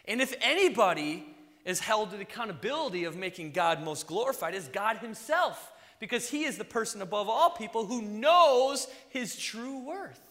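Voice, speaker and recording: A man who is a father, preaching a sermon, swinging between loud emphasis and soft near-whispers. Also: sits high, very animated, moderate pace, in a large hall. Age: young adult to middle-aged, a father.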